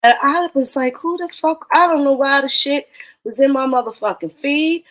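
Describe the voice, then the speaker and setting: A woman's voice: high voice, normal speed. Blunt, foul-mouthed woman ranting casually. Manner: blunt, animated, swears often, talks to listeners as y'all. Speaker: host of a live audio talk room. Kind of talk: casual profane commentary.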